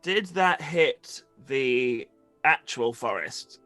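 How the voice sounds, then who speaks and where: A man playing a tabletop game, cracking quick jokes and asking questions. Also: mid-range voice, expressive, bright, forceful tone, faint music behind. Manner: joking, quick asides. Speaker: player.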